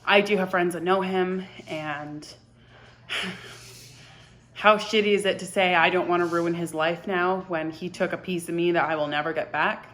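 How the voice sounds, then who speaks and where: Woman, 20s, confessional vlogger, halting and emotional, soft and hushed delivery. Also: on the low side, fairly even intonation. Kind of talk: personal confessional storytelling.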